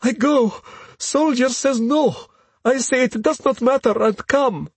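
A man voicing an anxious young Russian village woman who speaks broken English in a hurried, pleading way. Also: very high voice, slightly rough, dry recording, voice pushed up, heavily acted.

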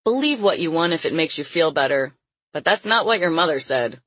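Menacing male villain for a storybook, voiced by a woman narrator, smug and taunting, husky tone. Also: sits low, lively intonation, fairly quick, fairly bright tone, no room sound. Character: smug, menacing middle-aged male captor.

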